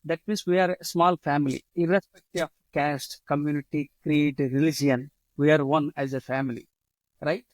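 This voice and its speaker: A man with an Indian English accent, a guest speaking spontaneously in an interview, repeating his motto and pausing often with fillers. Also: fairly high pitch, steady tone, no echo, rough recording. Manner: repeats his slogans, halting with many fillers. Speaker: guest, leadership author.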